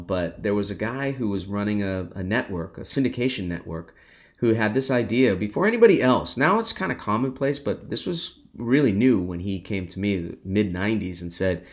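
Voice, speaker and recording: A man's voice: lowish voice, animated, normal speed. A middle-aged man, a guest musician, talking in an interview in an earnest, reflective and grateful way. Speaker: guest musician and radio host. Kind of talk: conversational interview.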